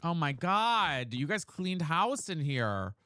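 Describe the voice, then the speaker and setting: Game streamer, live gameplay chat, swearing, excitable, very lively pitch, faint clicks behind. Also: noisy background. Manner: profane and excitable, quick swings between grumbling and squealing.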